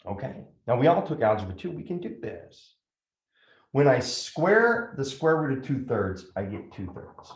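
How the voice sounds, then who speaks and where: Man, math teacher, walks through each step, animated delivery, roomy echo. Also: mid-range voice. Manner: step-by-step, asks frequent "right?" checks. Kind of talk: classroom lecture at a whiteboard.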